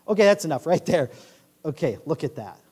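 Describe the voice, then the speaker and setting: Male pastor, animated high-voiced sermon delivery, booming church-hall echo. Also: brisk, breathy edge. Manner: animated, swings from quiet asides to loud declarations. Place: large church sanctuary.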